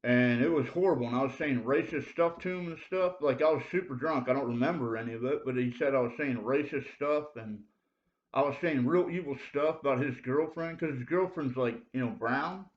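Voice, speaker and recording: A man's voice: medium pitch, a little fast. A man giving a rambling confessional monologue to camera, full of fillers and urgent appeals to the listener. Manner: rambling, heavy fillers like dude and bro. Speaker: self-made video preacher. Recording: roomy, dull lo-fi sound.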